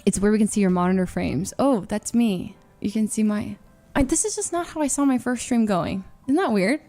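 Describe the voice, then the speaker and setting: A young woman streamer talking candidly to her viewers in halting, filler-heavy speech, with frequent restarts and nervous laughs. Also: mid-range voice, expressive, mellow, faint music behind. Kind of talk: candid confessional livestream talk.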